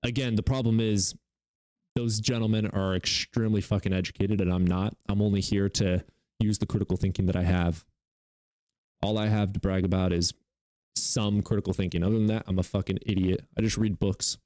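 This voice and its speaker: A man's voice: on the low side, fairly even intonation, fairly quick, darkish tone, dry recording. A man hosting a livestream, chatting casually and profanely while reading out viewer comments. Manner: profane, joking, reads viewer comments aloud. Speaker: livestream host reading chat. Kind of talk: casual chat.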